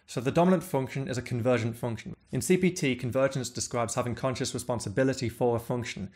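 A man's voice: medium pitch, quick pace, darkish tone. A man appearing as a guest theorist, explaining concepts in a formal, precise, jargon-heavy way. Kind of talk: explanatory monologue.

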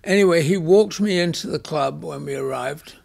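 An English man in his eighties tells his stories as a guest. His voice sits a little high and rasps with a gravelly edge. He acts out the lines of the people he remembers in a wry, anecdotal way. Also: normal speed, a little mellow. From England. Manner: anecdotal, wry, with dramatized quotes. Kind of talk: storytelling in a conversation.

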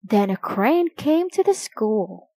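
A woman reading a children's picture book aloud, slowly and expressively for young listeners. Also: on the high side, very animated, darkish tone, dry recording. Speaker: storybook reader.

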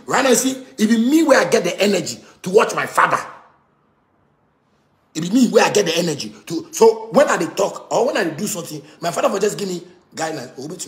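A man's voice: high voice, lively intonation, fast, reverberant. A Ghanaian man in his thirties with a Ghanaian Pidgin English accent, ranting angrily, repeating himself in stammering outbursts. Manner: heated, repetitive, stammering outbursts. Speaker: musician. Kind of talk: angry rant.

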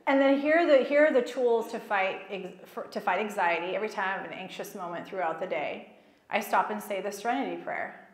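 Woman, faith-event speaker, lively and self-mocking storyteller, mid-pitched, miked in a reverberant hall. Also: fairly quick. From child of Egyptian parents, raised in America. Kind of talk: personal storytelling talk. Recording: echoey hall.

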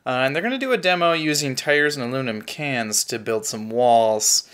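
A man's voice: medium pitch, a little fast, fairly bright tone. A man co-hosting a casual podcast in an upbeat way, reading out episode facts and laughing often. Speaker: podcast co-host.

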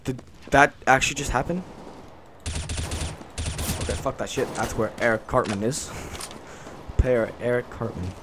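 A man talking through a shooter game as he plays it, excitable and quick to curse. His voice sits at an ordinary middle pitch. The recording is a desk mic, with loud game gunfire running under everything he says. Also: background noise. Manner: excitable, swears a lot, reacts out loud. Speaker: gaming channel host. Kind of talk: live gameplay commentary. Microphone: desk mic on a stand.

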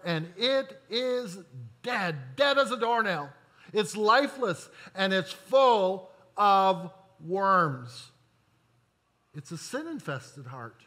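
Slow, bright-voiced man preaching. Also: sits high. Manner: deliberate preaching with emphatic pauses and slowed key words; corrects himself mid-sentence. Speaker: pastor. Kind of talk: sermon.

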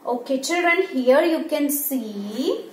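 In an echoey classroom with faint background noise, a teacher reviews animals with little kids at a slow pace. Her high-pitched voice is expressive as she poses questions, supplies the answers and mimics the animals' sounds.

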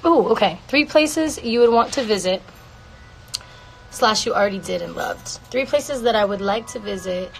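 A woman's voice: fairly high pitch, animated, moderate pace, gravelly, slight background noise, poor audio. A woman singer casually answering fan questions on a livestream from home, playful and swearing freely. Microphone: phone.

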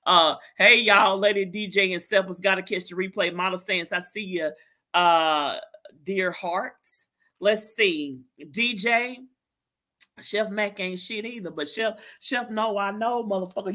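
A woman's voice: mid-range voice, a little slow, sharp tone. A woman hosting a live stream, ranting in a brash, profane way and laughing as she goes. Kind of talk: heated live-stream rant.

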